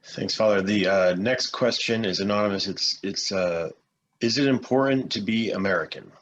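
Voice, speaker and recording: A man's voice: on the low side, moderate pace, a bit bright, muffled recording. A man moderating a webinar, reading out audience questions hesitantly over a video call. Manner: hesitant, with fillers.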